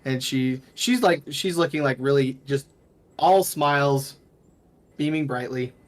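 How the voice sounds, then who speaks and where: Over voice chat from home, a medium-pitched man runs a tabletop game as game master. His narration is loose and halting, with frequent restarts.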